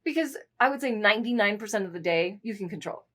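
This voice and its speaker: Woman, podcast co-host, candid casual talk, mid-pitched voice, conversational pace. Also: expressive, fast talker, fairly bright tone. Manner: candid, talks through stories with frequent asides. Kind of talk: casual chat.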